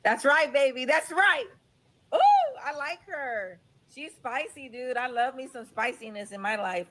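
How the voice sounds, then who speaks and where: A woman's voice: sits high, a little slow, bright, forceful tone. A woman hosting a live stream, chatting casually and sympathetically with a caller. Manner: sympathetic, says dude a lot. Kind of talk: casual chat.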